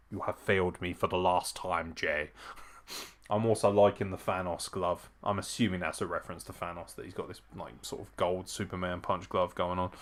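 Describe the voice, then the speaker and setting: A man with a somewhat low voice talks through a live wrestling watch-along. His delivery is loose, casual chat, peppered with swearing and quick chuckles as he reacts to each moment. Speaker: wrestling show host.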